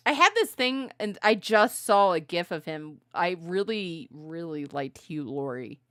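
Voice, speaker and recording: A woman co-hosting a podcast in casual chat, telling animated stories, acting out quotes and laughing often. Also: on the low side, unhurried, clear, resonant tone, dry recording, studio quality. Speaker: podcast co-host.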